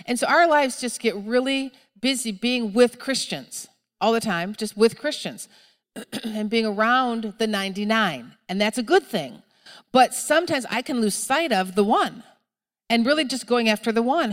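A middle-aged woman preaches a sermon in a chatty, storytelling way, now and then raising her voice to a shout to act out a moment of panic. Her voice sits a little high for a woman. The sound carries a long hall reverb from the church. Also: expressive, a little slow. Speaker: pastor. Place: church sanctuary.

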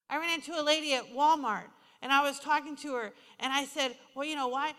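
A woman preaching a sermon, telling stories with passion and moving from loud declarations to hushed, intimate moments. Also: high-pitched, brisk. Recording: hall reverb.

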